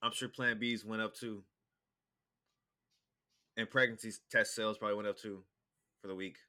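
Bright-voiced young man, casual and profane. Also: fairly low pitch, steady tone, normal speed. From California. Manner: laid-back, profane storytelling with many fillers. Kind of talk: casual chat.

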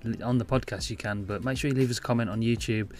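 A man co-hosting a podcast in casual chat, easygoing, his sentences often trailing off softly. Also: medium pitch, steady tone, fast. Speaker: podcast co-host.

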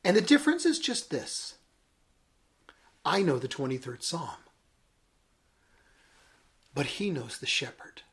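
A man's voice: a little high, wildly swooping pitch, slow, long pauses, a bit bright, heavily acted. Famous male stage actor, humbled and solemn, done by a preacher in his own voice.

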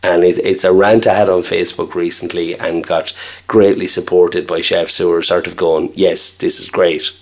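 Irish guy, chef, real low voice, chatty, does the voices in his stories. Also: level tone, normal speed. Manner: chatty storyteller, acts out quoted dialogue. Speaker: restaurant owner and chef. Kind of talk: casual interview chat.

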